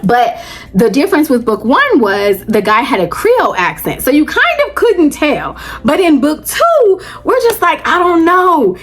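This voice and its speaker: A woman's voice: high-pitched, huge pitch swings, measured pace. A woman vlogging about audiobooks in a casual chat, gushing and chatty, calling her viewers "child" and "baby".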